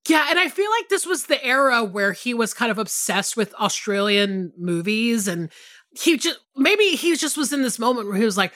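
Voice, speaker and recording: Very animated and fairly high-pitched, this woman co-hosts a podcast, reading out an email from a listener and laughing frequently during the casual conversation. She keeps a moderate pace with a fairly bright tone, and the studio-quality recording is dry.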